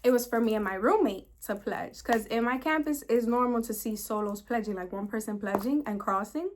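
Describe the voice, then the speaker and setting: Animated young woman telling a storytime. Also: a little high, fairly quick, hardly any pauses, noisy background. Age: young adult. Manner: animated, emphatic, repeats words for emphasis. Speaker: vlogger. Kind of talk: storytime vlog.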